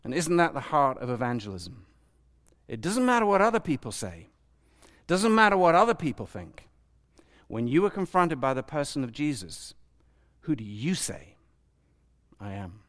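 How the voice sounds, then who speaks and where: A man's voice: medium pitch, very animated, normal speed, fairly bright tone. A man preaching a sermon to a live audience, asking his listeners questions and acting out the voices he quotes.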